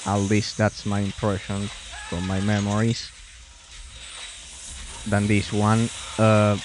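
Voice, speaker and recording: Slow, low-voiced man commenting on gameplay. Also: monotone, noisy background. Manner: rambling, frequent restarts and muttered asides while playing. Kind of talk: casual let's-play commentary.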